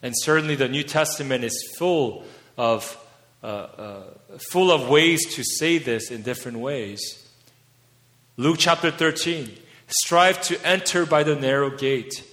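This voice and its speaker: A man's voice: mid-range voice, measured pace, a bit bright. A man preaching a fervent sermon, his voice rising to emphatic peaks as he urges his listeners on. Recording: long hall reverb.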